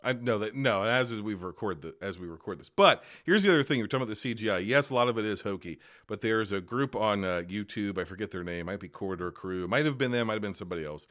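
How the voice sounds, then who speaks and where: A man's voice: lowish voice, expressive, fast talker, hardly any pauses, fairly bright tone. A man guesting on a film podcast, talking casually and with enthusiasm, stressing words emphatically.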